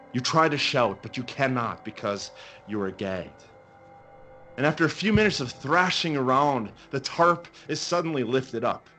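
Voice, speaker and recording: A man running a tabletop game as game master, telling the scene in a slow, dramatic way with long pauses. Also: medium pitch, sharp tone.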